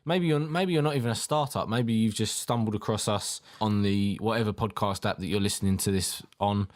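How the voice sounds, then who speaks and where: A man's voice: on the low side, brisk. A man co-hosting a podcast, upbeat and speaking straight to listeners. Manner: upbeat, talks directly to listeners. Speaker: podcast co-host. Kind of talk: casual chat.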